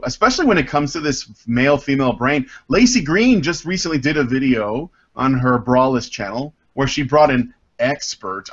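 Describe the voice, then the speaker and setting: A man's voice: medium pitch, fairly bright tone. Guy hosting a podcast, reads a letter out, jokey, lots of ums, kinda muffled audio. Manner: chatty, jokey asides, frequent ums. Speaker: podcast host. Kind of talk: casual group chat, reading a listener letter aloud. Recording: dull lo-fi audio.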